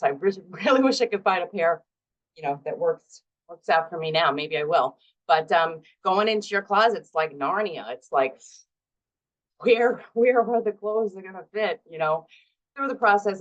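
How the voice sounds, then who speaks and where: A woman's voice: low-pitched, lo-fi sound. A woman, middle-aged, talking casually to camera as a vlog host, chatty and self-deprecating with frequent laughs.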